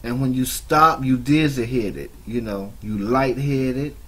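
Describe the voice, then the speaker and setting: A man giving mocking reaction commentary on another streamer's clip, scolding her with drawn-out asides. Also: medium pitch, a bit bright, slightly rough. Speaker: YouTube commentator.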